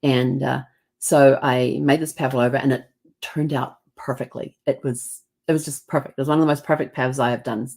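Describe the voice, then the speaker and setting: Woman with a New Zealand accent, low voice, chatty storyteller who acts out the dialogue. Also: steady tone, normal speed, a little mellow, husky. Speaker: host. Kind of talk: casual storytelling.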